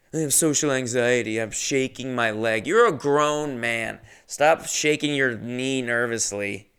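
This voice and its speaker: A man's voice: mid-range voice, gravelly, fairly bright tone, clean tone. A man telling a casual, rambling story in a profane, jokey way. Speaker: podcast host telling a story.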